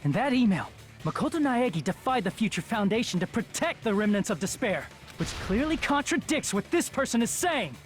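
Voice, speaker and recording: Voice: medium pitch, very animated, brisk, faint music behind, close to an everyday voice. A voice actor playing a young man who questions and confronts someone, in a game. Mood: accusing.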